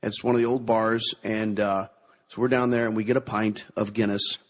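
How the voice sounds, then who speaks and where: A man from Missouri, a guest on a podcast, telling excitable, rambling anecdotes in casual chat. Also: lowish voice, normal speed. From Missouri, USA.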